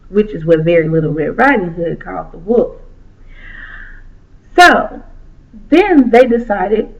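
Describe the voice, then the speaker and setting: A woman telling a children's story aloud in a slow, sing-song way. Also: medium pitch, animated, gravelly. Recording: dull lo-fi recording.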